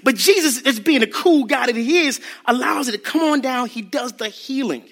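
A man preaching a sermon as a youth ministry speaker, animated and playful, acting out scenes and laughing as he talks. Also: very high-pitched, normal speed. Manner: animated, acts out bits, laughs.

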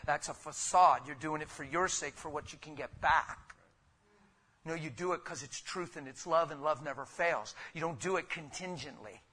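A man preaching with a fairly high, bright, forceful voice. He talks to his congregation like friends, calling them "man" and "guys". He throws out rhetorical questions and jumps from low, quiet asides to loud, excited bursts. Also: normal speed. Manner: conversational, calls listeners "man" and "guys". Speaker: pastor. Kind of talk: sermon.

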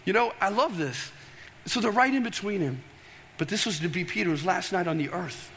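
A high-voiced man preaching with animated storytelling, often pausing to throw questions to the congregation. His voice carries a long reverberant tail from a large church hall. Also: a little hiss or hum. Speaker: pastor. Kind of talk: sermon.

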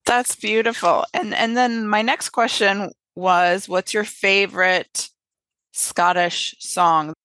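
A woman's voice: medium pitch, fairly even intonation, slow pace, bright, forceful tone, no echo. A woman from North America hosting an interview, chatty and enthusiastic, repeating herself as she talks. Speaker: podcast host, interviewer. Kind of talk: casual interview chat.

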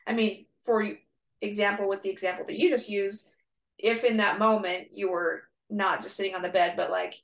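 A woman's voice: mid-range voice, steady tone, moderate pace, vocal fry. A woman co-hosting a podcast in casual chat, thinking things through aloud in a reflective, agreeable way. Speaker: podcast co-host. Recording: echoey room.

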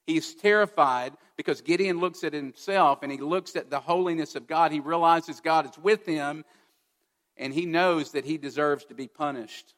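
A man's voice: a little high, normal speed, a bit bright. Earnest preacher man in a reverberant hall. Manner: earnest preaching, asks the listeners direct questions. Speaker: pastor. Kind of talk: sermon.

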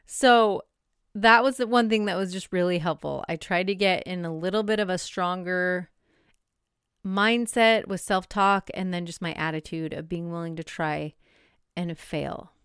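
Chatty woman podcast host, smooth clear voice, dry close mic, laughs a lot. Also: on the low side, a little slow, long pauses, fairly bright tone, no echo. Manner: chatty, laughs often, acts out her own self-talk. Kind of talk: casual solo podcast monologue.

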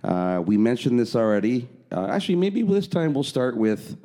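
A man's voice: medium pitch, very animated, moderate pace, warm tone. A man co-hosting a casual podcast, talking loosely with fillers and easy laughter. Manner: conversational, frequent fillers, laughs easily. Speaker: podcast co-host.

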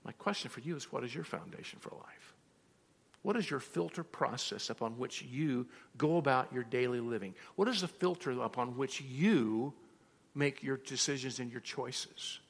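A man's voice: medium pitch, normal speed, vocal fry, husky. A man preaching a sermon as a pastor, telling personal stories and acting out both sides of conversations. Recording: reverberant hall.

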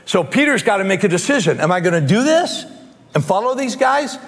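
A man preaching a sermon, animated and emphatic, reading scripture aloud and acting out its scenes. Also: sits high, brisk. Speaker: pastor. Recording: long hall reverb.

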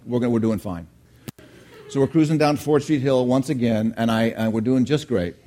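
A middle-aged man preaching a sermon, telling a lively childhood story and asking the congregation questions along the way. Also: mid-range voice, normal speed. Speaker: pastor.

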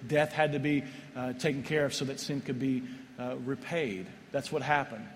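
A man's voice: mid-range voice, steady tone, moderate pace, a little hiss or hum. Earnest male pastor in a reverberant hall. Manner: earnest, repetitive, stumbles on restarts. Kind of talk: sermon. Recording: long reverb of a large hall, faint ambience.

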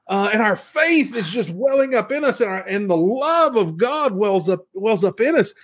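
Excited husky man preaching. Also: sits high, moderate pace. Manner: enthusiastic, exclamatory. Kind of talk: excited preaching in a Bible discussion.

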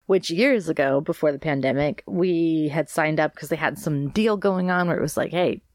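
A woman's voice: low-pitched, moderate pace, dry recording, studio quality. A woman hosting a podcast in a casual, chatty, rambling way, sounding congested from allergies. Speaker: podcast host. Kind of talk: casual solo podcast chat.

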